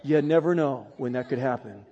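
A middle-aged man preaching a sermon, telling a personal story with animated, emphatic delivery. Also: medium pitch, normal speed, long reverb tail, dull audio. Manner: animated storytelling, rising to loud emphatic peaks.

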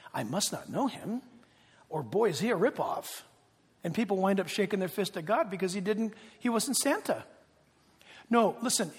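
A man's voice: a little high, breathy edge. Man, pastor, emphatic sermon, call-and-response, echoing church sanctuary. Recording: long reverb of a large hall.

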